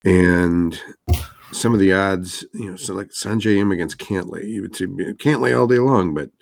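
A man's voice: sits low, moderate pace, gravelly, no room sound, studio quality. A male sports betting show host in casual chat, talking hesitantly with many fillers.

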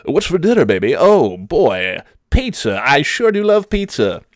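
A man's voice: a little high, big pitch swings, measured pace, no echo, studio quality, voice pushed up. A man doing a cheesy, upbeat male radio DJ voice with exaggerated announcer pep. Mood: peppy.

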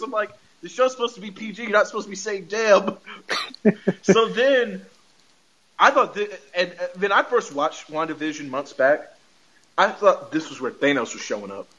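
Hosting a podcast, this man recaps a TV episode in a relaxed, animated way, laughing a lot and repeating the characters' lines. His voice sits high, his pace is moderate, and the recording is muffled.

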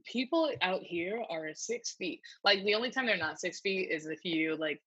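Bright, husky laid-back host voice. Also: medium pitch, expressive, normal speed, no room sound, low-quality recording. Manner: laid-back, laughs along, chatty. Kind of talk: casual chat.

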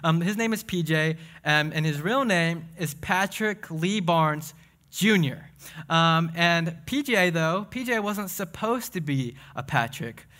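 Excitable young preacher, bright voice. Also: male voice, a little high. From Tennessee. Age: young adult. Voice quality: speech impediment. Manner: excitable, fast, self-deprecating. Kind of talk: casual sermon with jokes.

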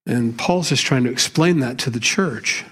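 In a candid, plainspoken way, a middle-aged pastor leads a Bible study, his conversational sermon sprinkled with asides and self-deprecating humor. He speaks at normal speed in a mid-range voice that's a bit bright with a breathy edge.

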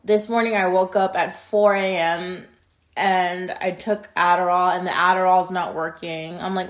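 Rambling through a story on her podcast, a young woman talks casually, bluntly, and with plenty of swearing. Her loudness rises in emphatic bursts and drops to muttered asides; her voice is lowish and level, and she takes her time.

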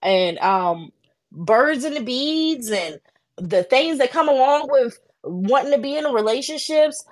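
Woman, 30s, slightly high pitch; casual animated podcast co-host. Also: unhurried. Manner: animated storytelling with acted quotes. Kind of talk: casual chat.

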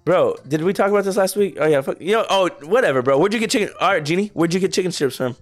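Fast-talking blunt young man. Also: high voice, lively intonation, soft background music. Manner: quick, blunt, casual swearing. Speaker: podcast co-host. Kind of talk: casual chat.

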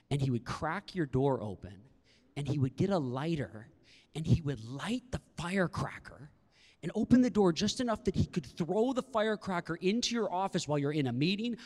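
Male pastor, 30s, lively storyteller, high voice, long hall reverb. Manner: animated storytelling, talking to the crowd. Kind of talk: sermon. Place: large hall with a live audience.

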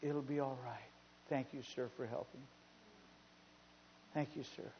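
A hushed forgiving little boy, as a preacher puts him on. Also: high-pitched, expressive, fast talker. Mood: gentle. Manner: soft, hushed. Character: small beaten boy, gentle and forgiving. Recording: reverberant hall, dull sound.

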